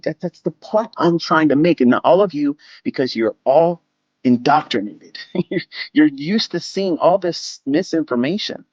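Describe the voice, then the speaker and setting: A man's voice: a little high, a little mellow, no room sound, dull audio. A man giving a blunt, lecture-style talk on trading, dismissive of critics, swearing and repeating himself. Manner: mimics critics in quoted asides. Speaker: trading educator.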